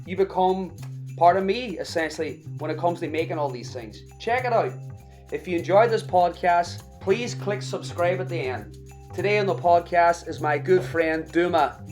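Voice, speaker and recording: A man's voice: sits high, normal speed, darkish tone, soft background music. A man hosting a podcast, giving a chatty, upbeat intro and plugging his projects straight to listeners. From Ireland. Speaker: podcast host. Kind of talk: solo podcast intro and promo read.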